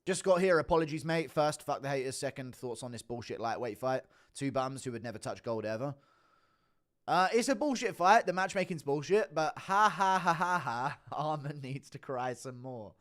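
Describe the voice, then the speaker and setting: A man's voice: medium pitch, animated, moderate pace, fairly bright tone. A man doing casual live-stream commentary, swearing often, laughing a lot and talking to his chat. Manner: giggly, profane, talks to chat.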